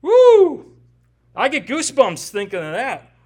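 With a high, expressive, somewhat bright voice at normal speed, a pastor in his forties works through an expository sermon. He's emphatic yet conversational, often checking in with the congregation by asking "right?"

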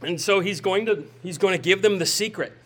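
A man's voice: high voice, fairly quick, a bit bright. A man in his forties preaching a sermon in a conversational way, asking rhetorical questions and often adding "right?". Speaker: pastor.

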